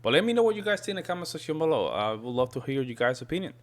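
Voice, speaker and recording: A native Spanish speaker from a Spanish-speaking country reacts to a video in casual commentary, often saying "man." His medium-pitched voice is sing-song and rapid-fire.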